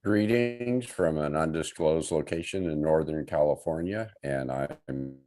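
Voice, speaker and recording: Male, very low and warm, lav mic, wry joker. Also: a little slow. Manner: dry joking banter. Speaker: call participant. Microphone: lavalier.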